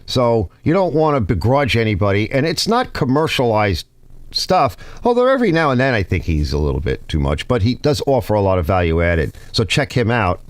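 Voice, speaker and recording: A man's voice: medium pitch, very animated, fairly quick, dry recording. A man with a New York accent, hosting his own channel, rambling casually to viewers and often restarting his sentences. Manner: rambling, restarts sentences, reads comments aloud. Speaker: YouTube channel host.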